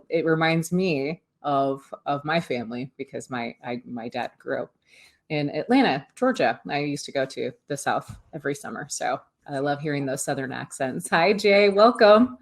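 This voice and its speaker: A woman hosting an online event, introducing a speaker in a bubbly, giggly way. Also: deep voice. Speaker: event host. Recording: faint music behind.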